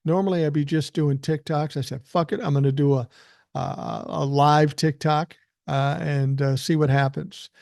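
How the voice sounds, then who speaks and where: Older man, podcast host, fired-up profane rant, a bit breathless, slightly high voice, dry sound. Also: fairly even intonation, moderate pace, gravelly, darkish tone, no room sound. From South Minneapolis, USA. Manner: profane, heated, mocking. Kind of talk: ranting live stream commentary.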